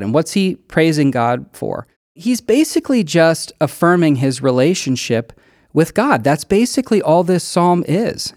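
Animated, conversational man preaching a sermon. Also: a little high, no echo, studio quality. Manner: conversational, earnest, emphatic. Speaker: pastor.

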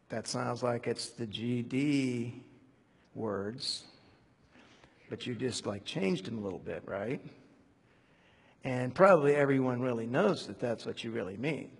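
Husky-voiced man preaching in a reverberant hall. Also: mid-range voice. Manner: animated, digressive, with many fillers and restarts. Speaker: preacher teaching a Bible study. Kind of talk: conversational sermon.

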